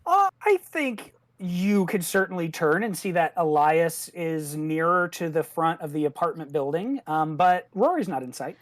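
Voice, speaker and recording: A woman with a lowish voice narrates a tabletop game as game master. She talks in a measured, thoughtful way, humming softly as she weighs things. The sound is close and dry. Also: animated, no room sound.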